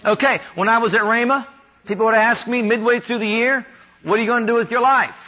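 A man from Ohio preaching a sermon, having the congregation repeat declarations after him and rising louder on each one. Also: very high-pitched, fairly even intonation, brisk. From Ohio, USA. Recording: dull lo-fi sound.

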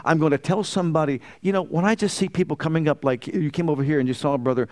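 Pastor, male, fairly high voice, preaching style with rhetorical questions and building emphasis. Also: expressive, fairly quick, a little mellow. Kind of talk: sermon.

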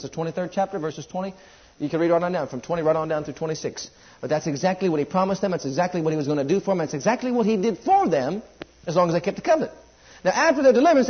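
A man preaching a sermon, reading scripture slowly and swinging between loud, high declarations and low, quiet asides. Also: slightly rough. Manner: rising and falling preaching cadence, drawn-out scripture readings. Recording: muffled lo-fi sermon recording.

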